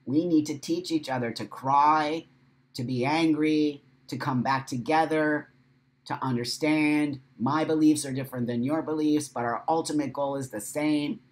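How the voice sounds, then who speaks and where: A man's voice: fairly high pitch, steady tone, normal speed. A man hosting a casual livestream, talking passionately and bluntly, swearing freely and emotional after crying. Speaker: live show host.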